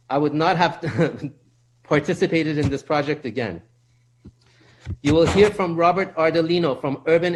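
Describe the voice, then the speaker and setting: A man giving a prepared, earnest public comment at a council meeting, a little out of breath and repeating himself as he restarts. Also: a little high. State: slightly out of breath. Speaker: public speaker at city council. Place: council chamber.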